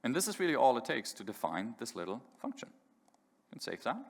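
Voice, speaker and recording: A man's voice: mid-range voice, big pitch swings, a little fast, vocal fry. A man giving a live technical demo at a conference, talking casually with fillers and restarts. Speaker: conference speaker. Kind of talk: live tech demo talk. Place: large conference hall. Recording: echoey hall reverb.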